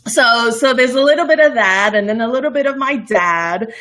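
A woman's voice: a little high, animated, moderate pace, fairly bright tone. A woman in her thirties from Borneo, with a light Bornean lilt blended with mixed international English, chatting as a guest in a casual interview, full of fillers, restarts and giggles. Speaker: livestream cooking show host, guest.

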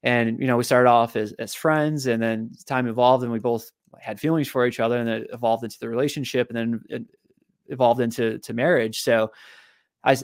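A man, a physical therapist and author, telling a long personal story in a podcast interview, animated and often repeating his words. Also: mid-range voice, no room sound, studio quality.

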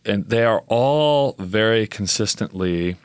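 A man talking through ideas on a podcast in a casual, animated way, with plenty of fillers and restarts. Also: fairly low pitch, unhurried, smooth, no echo. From United States. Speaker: biblical scholar on a podcast.

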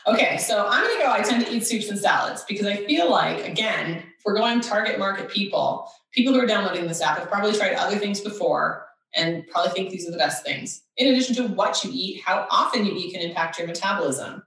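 A woman's voice: medium pitch, lively intonation, fast, few pauses, fairly bright tone. A woman host chatting casually and reading quiz questions aloud with sarcastic asides. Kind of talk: casual chat. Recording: echoey room, somewhat far from mic.

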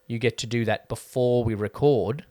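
A man co-hosting a casual film review podcast, explaining his views in a measured, thorough way. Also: medium pitch, mellow, dry recording. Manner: explains points at length, measured. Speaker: podcast co-host.

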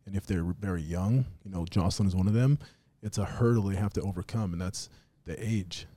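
Laid-back man with a low, mellow voice. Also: brisk, no echo. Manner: laid-back, says "dude" and "you know what I mean" a lot. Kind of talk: casual podcast chat.

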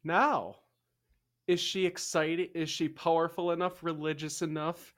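A man's voice: a little high, flat delivery, measured pace, a bit bright. A man co-hosting a casual history podcast, chatty and jokey, often trailing off and restarting. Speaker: podcast co-host.

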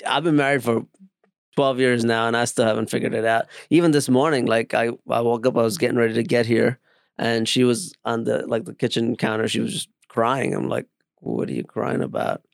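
A man in his thirties talks candidly and a bit awkwardly, filling pauses as he goes. His voice has a gravelly fry. The recording is dry and close. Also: mid-range voice, fairly even intonation, no echo. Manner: candid, awkward, many "like" fillers. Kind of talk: casual chat.

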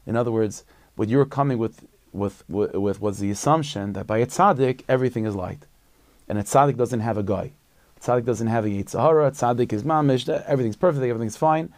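A man, a religious teacher, telling a story as a short sermon in a conversational, halting way with many restarts. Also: mid-range voice, a little mellow, no room sound.

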